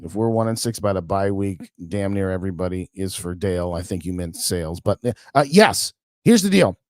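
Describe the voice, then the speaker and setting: A man's voice: sits low, dry recording, studio quality. A man hosting a live sports podcast, ranting in an exasperated way about his team and answering viewers' chat. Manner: animated, exasperated ranting with laughs and chat replies. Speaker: podcast host. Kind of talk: livestream sports rant.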